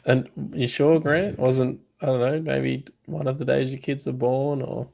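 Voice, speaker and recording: A man's voice: medium pitch, flat delivery, unhurried, vocal fry, a little mellow. A man co-hosting a live podcast, casually correcting himself and teasing viewers. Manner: apologetic, self-correcting, teasing. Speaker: podcast co-host. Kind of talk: casual chat.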